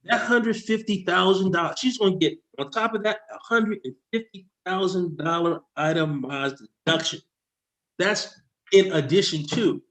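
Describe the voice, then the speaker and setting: A man, a tax expert guest, explaining with slides in an excitable, rushing way that keeps interrupting itself. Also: high-pitched. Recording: echoey room.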